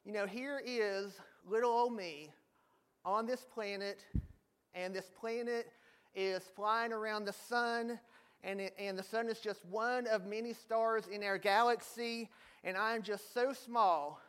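A man's voice: sits high, measured pace, a bit bright, clean tone. A man pastor preaching a sermon, telling a joke story and joking with the congregation in a church.

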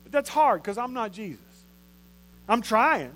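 A man's voice: very high voice, sing-song, a little slow, fairly bright tone. A man, preaching a sermon in a conversational way and repeating phrases for emphasis. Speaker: pastor.

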